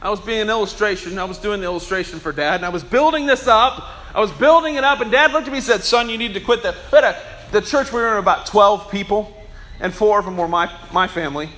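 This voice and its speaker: Bright high-voiced preaching man. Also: quick pace. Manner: storytelling, emphatic, acts out quotes. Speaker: pastor. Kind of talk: sermon.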